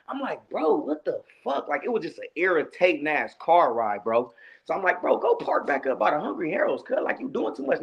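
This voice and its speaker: A man telling a story in a casual interview, animated and acting out the lines he quotes. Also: high-pitched, fairly quick, vocal fry, dull audio. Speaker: guest, rapper.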